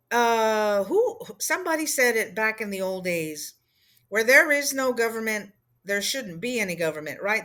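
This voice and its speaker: A woman's voice: on the high side, fairly bright tone. A woman from Texas, rambling through a casual political rant in an exasperated, sarcastic way. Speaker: political commentator.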